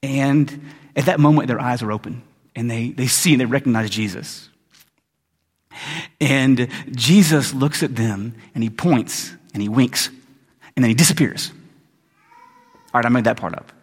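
A man's voice: medium pitch, unhurried, pauses often, slightly rough. A man preaching a sermon as a pastor, retelling the story in a loose, joking way with casual asides. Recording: long hall reverb.

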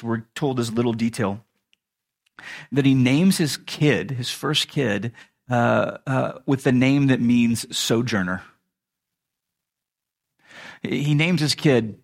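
A man preaching a sermon in a loose, conversational way. He jokes and chuckles as he retells the story, often restarting his sentences. His voice sits at an ordinary middle pitch. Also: takes it slowly, long pauses. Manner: casual, humorous storytelling with many restarts and chuckles. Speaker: pastor.

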